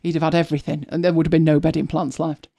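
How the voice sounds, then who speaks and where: A woman's voice: sits low, little pitch movement, racing, mellow. Chatty British woman hosting a show. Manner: chatty, rambling storyteller with frequent self-corrections. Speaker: host. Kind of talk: casual live-show chat.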